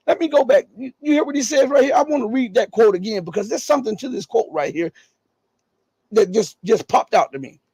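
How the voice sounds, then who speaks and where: Middle-aged male streamer, raspy and scratchy, pitched high, close and dry, pushes hard on rhetorical questions. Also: darkish tone, no echo. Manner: emphatic, full of rhetorical questions. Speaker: live-stream news commentator. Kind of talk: live news commentary.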